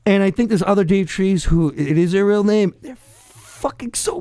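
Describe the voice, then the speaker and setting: A man's voice: high-pitched, moderate pace, mellow, clear, resonant tone. A middle-aged man with a Boston accent, a podcast guest ranting in profane, heated, rambling bursts. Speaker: podcast guest, hardcore musician. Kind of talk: ranting casual chat.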